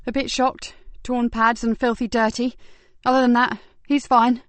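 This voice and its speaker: A woman voicing an eager young police constable who reports news briskly in an audiobook. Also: on the high side, level tone, no echo, pitched above the performer's own voice, lightly acted. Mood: upbeat.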